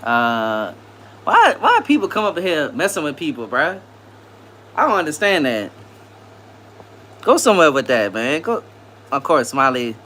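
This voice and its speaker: A man's voice: on the high side, sing-song, a little slow, pauses often, pushed and bright. Laid-back man chatting on a live stream. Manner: laid-back slangy banter, laughs often. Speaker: live stream host reading chat. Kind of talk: casual live stream chat.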